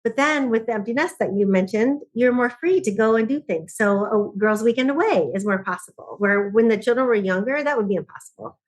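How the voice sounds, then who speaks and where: A middle-aged woman, a podcast guest who speaks on joy and laughter, telling stories in lively conversation and often laughing. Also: a little high, a little fast, few pauses. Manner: animated storyteller, often laughing.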